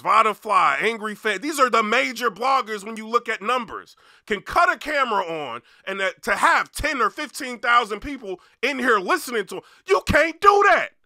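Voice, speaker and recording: A man, a battle rap blogger, rambling through a casual commentary rant, full of "you know what I mean" and turning loud and heated. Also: very high-pitched, no room sound, clean studio sound.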